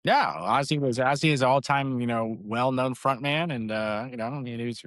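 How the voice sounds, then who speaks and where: A middle-aged man co-hosting a podcast, talking quickly and emphatically in casual slang. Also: mid-range voice, a bit bright, no echo, clean studio sound. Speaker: podcast co-host. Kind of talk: casual rock music chat.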